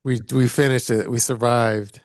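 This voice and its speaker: A man's voice: medium pitch, level tone, normal speed, no echo, clean studio sound. A man hosting a podcast in casual chat, easygoing, with lots of fillers and agreeing murmurs. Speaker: podcast host.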